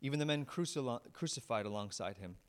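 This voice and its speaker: A man, a pastor, preaching a sermon. He tells the story with feeling, raising his voice on some lines and dropping low and quiet on others. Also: brisk. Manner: animated storyteller, swings from raised emphatic lines to low hushed ones.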